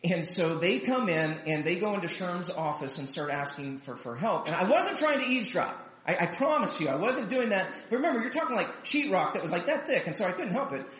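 A man preaching a sermon, telling a story in a chatty, animated way and acting out the people in it. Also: high voice, brisk, few pauses. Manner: animated, chatty storyteller who acts out quotes. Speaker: pastor. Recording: roomy echo.

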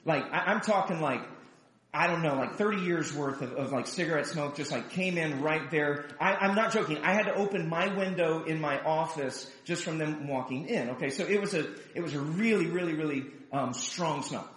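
A man preaching a sermon, telling a story in a chatty, animated way and acting out the people in it. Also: on the high side, moderate pace. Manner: animated, chatty storyteller who acts out quotes. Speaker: pastor. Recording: roomy echo.

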